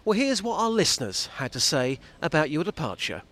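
A man's voice: fairly high pitch, very animated, brisk, bright, forceful tone. Dry, jokey radio presenter man. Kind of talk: scripted comic farewell segment.

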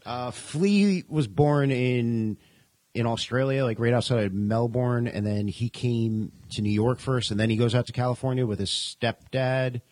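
A man's voice: medium pitch, unhurried, darkish tone, dry recording. A man co-hosting a podcast in casual chat, rambling, laughing often and swearing freely. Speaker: podcast co-host. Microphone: podcast mic.

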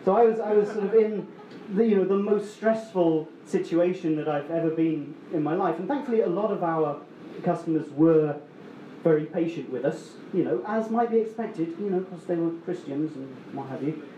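A man's voice: on the high side, moderate pace, mellow, roomy sound, muffled recording, a little hiss or hum. A man telling a story on stage at a story slam, rambling and self-mocking with many restarts. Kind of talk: live storytelling.

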